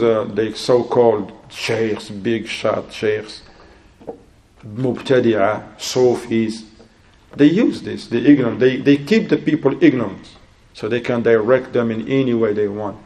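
A man giving a religious sermon in English, telling a story and acting out both sides of a conversation in a lively, rising voice. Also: medium pitch, a little slow. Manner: acts out dialogue in an animated, rising voice; non-native English with Arabic religious terms. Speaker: Islamic preacher.

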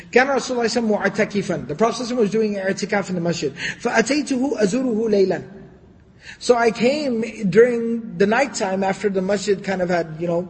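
A man giving a storytelling religious lecture, animated, with sarcastic asides and quick recitations. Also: sits high. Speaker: Islamic lecturer. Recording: long hall reverb.

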